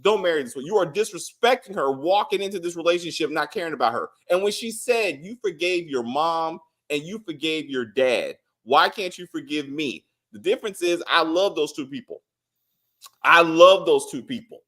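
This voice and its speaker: A man's voice: a little high, animated, fairly quick, few pauses, a bit bright. A man co-hosting a casual TV review, talking animatedly and acting out characters' lines. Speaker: show co-host.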